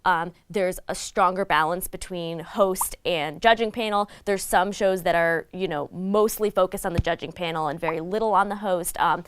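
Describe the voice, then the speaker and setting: A woman's voice: fairly low pitch, fairly even intonation, normal speed, hardly any pauses, clean tone, no echo. A woman chatting casually as a commentator, opinionated and loose, with lots of "like" and "you know". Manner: chatty and opinionated, with frequent fillers. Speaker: guest commentator on reality TV. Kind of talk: casual chat.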